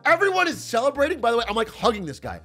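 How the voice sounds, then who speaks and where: Young man, streamer, lively swooping voice, profane storytelling, laughs a lot, faint music underneath. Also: extremely high pitch, very fast. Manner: animated, profane, laughing often. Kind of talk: casual storytelling to stream chat.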